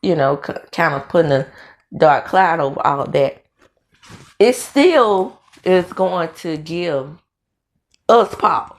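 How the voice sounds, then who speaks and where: A middle-aged woman from Mississippi talks slowly in a low voice with a Southern accent. In a casual commentary vlog she chats about her dental aligners, telling the story animatedly with frequent fillers and restarts.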